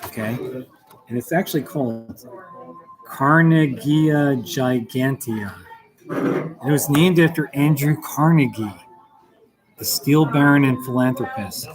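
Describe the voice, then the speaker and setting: A medium-pitched man hosts a casual stream from a bustling café, reading a book slowly with frequent pauses and stopping to laugh and remark on the pictures. Music and crowd chatter run underneath, and the recording is low quality.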